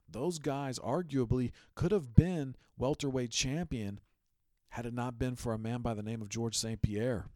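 A man's voice: mid-range voice, dry recording, clean studio sound. A man hosting a sports podcast, giving casual, emphatic commentary and telling stories with energy. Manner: animated, emphatic storytelling. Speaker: podcast host.

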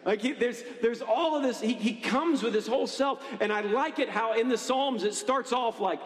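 A man preaching a sermon in a conversational, animated way, often checking in with the congregation. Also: very high voice, normal speed. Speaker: pastor. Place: church hall. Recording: echoey hall with long reverb.

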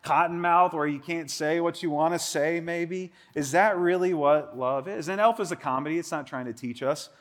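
Brief: male pastor, 40s, chatty sermon delivery, slightly higher-pitched voice, animated asides. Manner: conversational, animated, quick asides.

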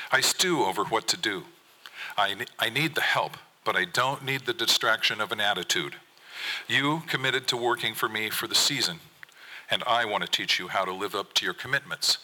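A man's voice: on the low side, pushed and bright, low-quality recording. A man, a fisherman poet, reading a personal story aloud in an intense, earnest manner at a live event on a theater stage.

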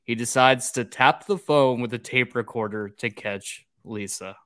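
A man's voice: medium pitch, a little slow, fairly bright tone. A man in casual podcast chat, animatedly recapping a movie's scenes and laughing along. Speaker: podcast host recapping a film.

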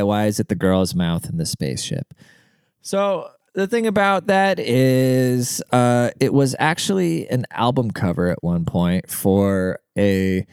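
A man's voice: fairly low pitch, darkish tone, smooth, dry recording, clean studio sound. A man hosting a podcast in a rambling, crude and profane casual monologue. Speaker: podcast host.

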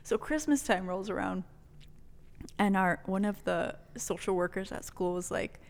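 A woman from New Mexico telling a personal story in casual conversation, animated, swearing freely and laughing often. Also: medium pitch, a little slow, in a large hall. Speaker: podcast guest telling a story.

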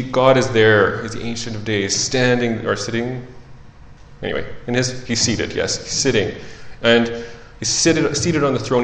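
A man preaching in a loose, conversational way, dropping almost to a murmur and then rising to emphatic, louder passages. He reads scripture aloud between his own asides. His voice sits at an ordinary middle pitch and rings in a reverberant room. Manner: conversational, swings between soft and loud. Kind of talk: sermon with scripture reading.

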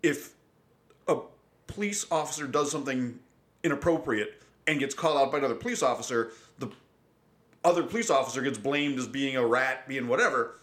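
A man co-hosting a studio podcast, agreeing with his partner and adding points with halting restarts. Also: mid-range voice, expressive, a bit bright. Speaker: podcast co-host. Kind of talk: casual chat.

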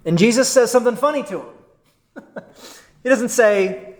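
A man's voice: very high-pitched, expressive, moderate pace, long pauses. A man preaching a sermon as a pastor. He talks in a conversational way, often checks in with "right?", and briefly voices the people he is quoting. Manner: quotes and voices figures from the text.

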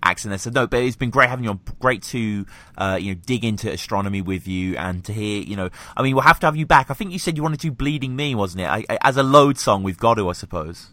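A British man hosting a podcast, talking in a friendly way and padding his speech with fillers. His voice is low and bright, and the recording is dry and close. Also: animated, fast, hardly any pauses, no room sound. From Britain. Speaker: podcast host. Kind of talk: casual podcast interview.

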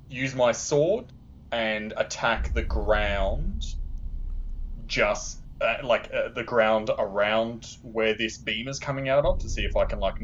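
Man, tabletop player, low voice, very slow hesitant speech, dull lo-fi recording. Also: slight background noise. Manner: hesitant, thinking aloud. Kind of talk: playing a tabletop game. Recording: dull lo-fi audio.

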